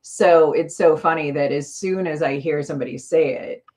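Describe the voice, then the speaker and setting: A woman's voice: deep voice, normal speed, darkish tone. A woman with a Midwestern accent co-hosting a podcast, chatting casually and laughing often. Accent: Midwestern American. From American Midwest. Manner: chatty, laughs often, trails off mid-sentence. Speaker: podcast co-host. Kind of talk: casual chat.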